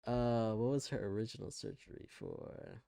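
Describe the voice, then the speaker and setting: A man's voice: on the low side, huge pitch swings, moderate pace, gravelly, dark tone, dry recording, clean studio sound. A man with an American accent co-hosting a casual podcast, hesitant and trailing off with fillers and small laughs. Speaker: podcast co-host. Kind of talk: casual chat.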